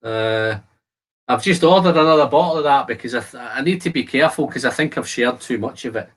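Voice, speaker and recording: A medium-pitched man talks a little fast as he hosts a casual whisky live stream. He chats to viewers, answers what they write, and describes the aromas of the whisky in his glass.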